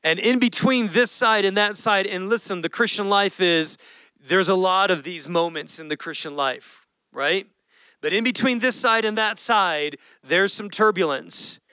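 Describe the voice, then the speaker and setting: A man preaching a sermon, telling a Bible story in a casual, animated way and acting out the voices. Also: sits high, measured pace, clear, resonant tone, no room sound. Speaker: pastor.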